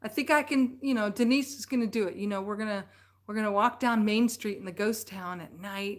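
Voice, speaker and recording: A woman's voice: medium pitch, brisk. A middle-aged woman hosting a live stream, telling a rambling story in casual chat and laughing often.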